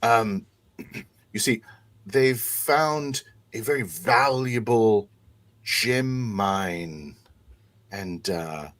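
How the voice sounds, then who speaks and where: A man voicing a jovial, pompous, large male mayor, with a raised voice and halting delivery. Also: fairly low pitch, expressive, fairly bright tone, voice pushed up, heavily acted. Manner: jovial, hesitant, theatrical.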